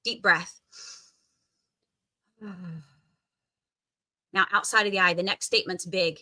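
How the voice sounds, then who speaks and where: Bright-voiced woman leading a tapping session. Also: fairly even intonation, slow, long pauses. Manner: coaxing, directive, with sighing deep breaths. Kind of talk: guided tapping meditation.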